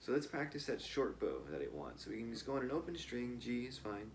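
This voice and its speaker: A man teaching a cello piece in a relaxed, casual way, pausing with fillers and counting rhythms aloud. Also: mid-range voice, slight background noise. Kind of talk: casual instructional talk. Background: cello playing between explanations.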